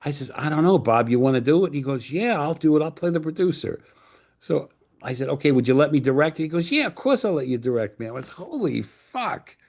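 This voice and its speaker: An older man from New York, a film director telling profane, animated stories in a casual interview and acting out what others said. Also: a little high, quick pace. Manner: profane, animated anecdotes with acted-out quotes. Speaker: screenwriter and director guest.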